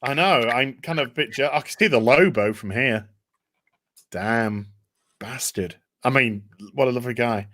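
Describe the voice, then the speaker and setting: A British man hosting a casual live chat over a video call, excitable and sweary. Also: mid-range voice, moderate pace. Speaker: host.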